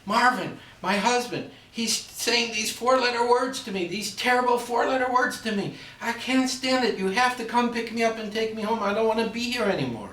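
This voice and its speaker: A man's voice: very high-pitched, normal speed, few pauses, pushed and bright, voice pushed up. A man voicing a distraught young bride who whines and pleads to be taken home. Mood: pleading, upset. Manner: whiny, pleading. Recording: roomy echo, far from the mic.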